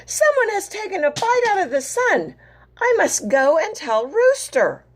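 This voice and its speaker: A woman voicing a frantic, worried hen in a read-aloud picture book, her voice pushed up high with breathless alarm. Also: huge pitch swings, moderate pace, creaky, full character voice.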